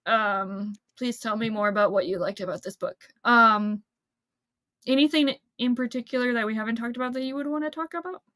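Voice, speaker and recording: A woman's voice: on the high side, fairly quick, sharp tone, dry recording, studio quality. A woman hosting a casual book chat over a video call, rambling and chatty with lots of fillers. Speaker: book channel host.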